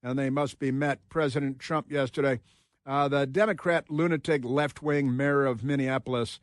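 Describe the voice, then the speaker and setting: A man's voice: mid-range voice, steady tone, normal speed, no echo, studio quality. A man hosting a political talk radio show, emphatic and rambling, laughing often. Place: radio studio. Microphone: studio microphone.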